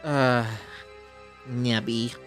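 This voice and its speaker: A man's voice: mid-range voice, fairly even intonation, extremely slow, a bit bright, soft background music. A man giving casual gameplay commentary, chatty and self-deprecating, with laughing asides. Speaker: let's play host.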